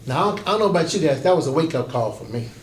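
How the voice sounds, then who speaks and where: A man in his fifties speaks as a pastor leading a conference workshop, with a voice pitched a little above most men. He tells folksy stories and acts out the people he quotes. The room is echoey, with faint background noise. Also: expressive, rapid-fire.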